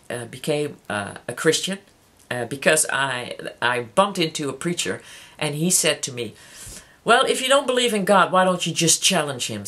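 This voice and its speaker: A YouTuber speaking to subscribers in a casual personal vlog, halting with many restarts and fillers, openly emotional and heartfelt. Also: medium pitch, fairly bright tone.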